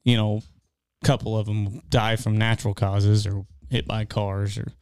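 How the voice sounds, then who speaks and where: A middle-aged man, co-hosting an outdoors show and telling animated, folksy stories in casual chat. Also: fairly low pitch, normal speed, clean tone, no room sound. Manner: folksy, animated storyteller with rural grammar. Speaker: co-host of an outdoors hunting show.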